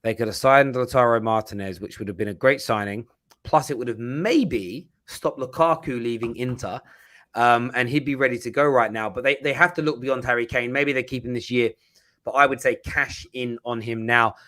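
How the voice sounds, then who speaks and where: A man's voice: mid-range voice, moderate pace, a bit bright. A man hosting a football live stream in casual chat, often stumbling and repeating words.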